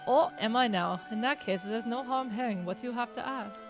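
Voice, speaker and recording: A woman's voice: on the high side, normal speed, music in the background, lightly acted. A woman voicing a proud, egotistical male teacher in a game, speaking in a pompous, formal way.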